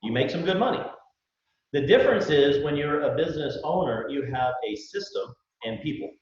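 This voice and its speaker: Folksy man pitching in an echoey hall. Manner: folksy, acts out dialogues, fires rhetorical questions. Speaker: business owner presenting to recruits. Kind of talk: live sales pitch to an audience. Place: large event room with live audience. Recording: echoey hall, distant mic, dull lo-fi.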